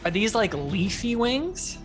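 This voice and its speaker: Eager tabletop player, lively animated delivery, soft music bed. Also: medium pitch. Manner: excitable, quick reactions. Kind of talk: casual tabletop play.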